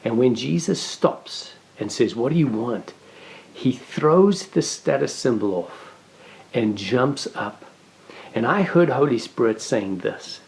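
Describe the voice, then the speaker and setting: A man's voice: medium pitch, animated, measured pace, creaky, a little mellow. A man preaching a conversational devotional message in an earnest way, often restarting and repeating his words.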